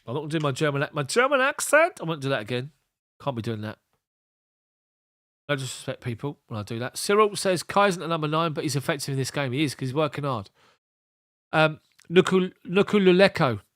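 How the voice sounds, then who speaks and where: A man's voice: on the high side, brisk, long pauses, no echo, studio quality. Chatty man commentating live. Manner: chatty, rambling, addresses viewers by name. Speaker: fan commentator reading live chat. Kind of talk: casual live match commentary.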